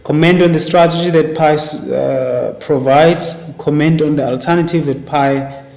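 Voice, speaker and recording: A man's voice: fairly high pitch, steady tone, unhurried, creaky, darkish tone. A man teaching a literature class. He reads passages aloud and then questions his students. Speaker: English teacher. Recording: echoey classroom, faint hiss.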